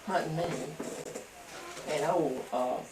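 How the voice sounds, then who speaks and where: A woman with a low voice tells a rambling story at home. She acts out everyone's lines as she goes. She is heard from across an echoey room on a home video, with steady noise behind her. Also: slow. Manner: rambling, acts out quoted dialogue. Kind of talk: casual storytelling. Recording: roomy home video from a distance, background noise.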